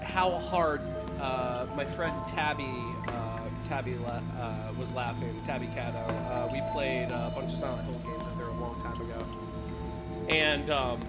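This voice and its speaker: A man's voice: mid-range voice, steady tone, a little slow, over loud music. A man streaming a horror game, chatting casually, rambling and swearing, often breaking into laughter. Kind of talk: casual let's-play chat.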